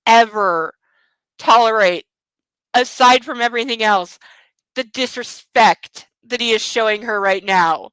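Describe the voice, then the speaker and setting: Casting: a blunt, sarcastic woman reading a book aloud, bright crisp voice, dry close sound. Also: on the high side, a little slow, dry recording, rough recording. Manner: sarcastic, indignant, blunt with swearing. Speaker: book club reader and commentator.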